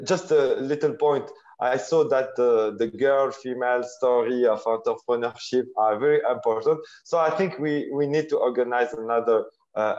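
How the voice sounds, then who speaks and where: Halting man with an Algerian French accent. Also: mid-range voice, a little mellow. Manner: halting, many fillers and repeated words. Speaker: incubator founder, workshop speaker. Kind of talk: casual online workshop talk. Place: office. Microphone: video call. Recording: dull lo-fi video call audio.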